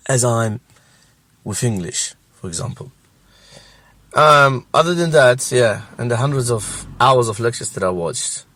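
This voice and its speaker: A man's voice: fairly low pitch, a bit bright, no echo. A man hosting a religious reaction show, giving scornful commentary and laughing mockingly between remarks.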